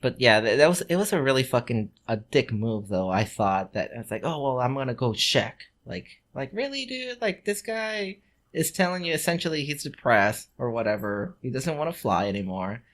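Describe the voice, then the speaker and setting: A man's voice: mid-range voice, big pitch swings, normal speed, fairly bright tone. A man co-hosting a podcast, telling a story in casual chat, swearing freely, laughing, and acting out the people he quotes. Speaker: podcast co-host.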